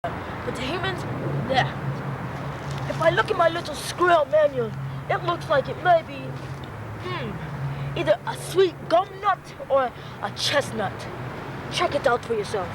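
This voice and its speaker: A man's voice: very high voice, expressive, voice pushed up. A young man putting on a fake Australian nature host. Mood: hammy. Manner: hammy, exaggerated greetings and drawn-out asides. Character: young guy doing a nature-show host with a put-on Australian accent. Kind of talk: homemade documentary narration. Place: outdoors near a road, cold. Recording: home video outdoors with traffic noise.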